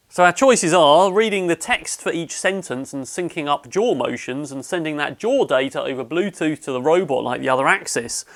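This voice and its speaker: A man casually narrating a technical robot build, explaining each step in a relaxed way with some fillers. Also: on the high side.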